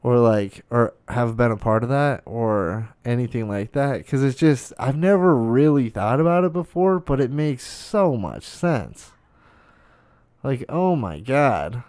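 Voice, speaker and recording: A man's voice: mid-range voice, lively intonation, unhurried, a little mellow, clean tone, no room sound. A young man hosting a podcast, ranting in disbelief and swearing constantly. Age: young adult. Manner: profane, incredulous, swearing often. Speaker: podcast host. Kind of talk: ranting monologue.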